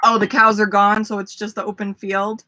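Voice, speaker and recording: A woman's voice: medium pitch, flat delivery, moderate pace, pushed and bright. A woman hosting a casual livestream, chatty, talking to viewers by name and laughing easily. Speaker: livestream host. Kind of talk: casual live chat with viewers.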